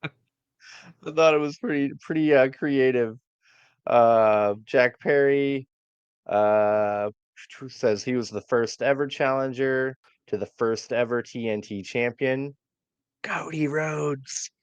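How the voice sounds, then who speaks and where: A man's voice: mid-range voice, slow pace, clear, resonant tone, no room sound, muffled recording. A man co-hosting a wrestling podcast, recapping matches in a hesitant way with lots of fillers. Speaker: podcast co-host.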